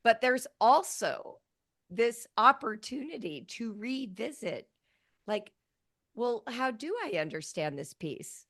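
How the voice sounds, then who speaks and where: A woman in her fifties, a writing educator talking as a guest, who tells animated stories and acts out quoted lines. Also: a little high, slow, dry recording, clean studio sound. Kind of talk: conversational interview.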